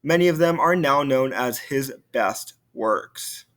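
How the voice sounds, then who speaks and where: A young adult man, a French teacher, giving a recorded video lesson in a relaxed way with many fillers and restarts. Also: medium pitch, takes it slowly.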